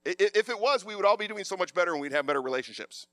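A man preaching a sermon, passionate and animated, with a loud voice. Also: sits high, rapid-fire, no room sound, studio quality.

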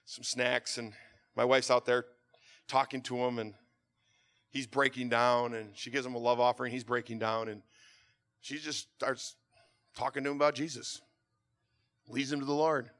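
A middle-aged man preaching a sermon, telling a story and then building to a fervent, near-shouted exhortation. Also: medium pitch, level tone, normal speed, pauses often.

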